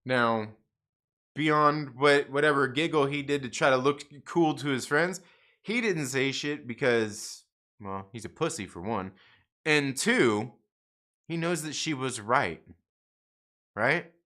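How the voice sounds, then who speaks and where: A man's voice: medium pitch, lively intonation, slow, pauses often, sharp tone. A man hosting a live stream, telling a rambling, profane story with lots of restarts and laughter. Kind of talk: casual storytelling monologue.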